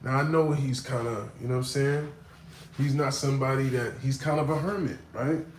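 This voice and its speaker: A man's voice: steady tone, fairly quick, a little hiss or hum. A man telling a personal story in a casual, slang-filled way, checking in with "right?" and "you know what I'm saying" as he goes. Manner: swings between low muttering asides and loud emphatic bursts.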